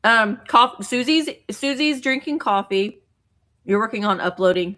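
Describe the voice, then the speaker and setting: A woman's voice: on the high side, lively intonation, unhurried, bright, forceful tone. Chatty woman hosting a casual livestream. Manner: chatty, greets viewers by name, rambling with restarts. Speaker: vintage seller livestream host.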